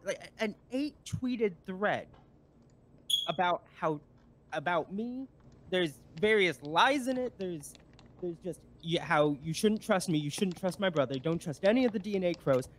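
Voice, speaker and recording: A man's voice: high-pitched, lively intonation, a little slow. Rambling man telling a story. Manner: rambling, storytelling with many fillers and restarts. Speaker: guest. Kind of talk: casual stream chat.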